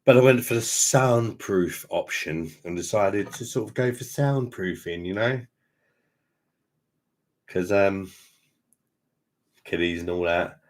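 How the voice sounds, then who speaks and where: A man's voice: sits low, slow pace, long pauses. A tipsy man, chatting casually and rambling through a beer live stream at home, matey and swearing freely. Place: home room with sound panels.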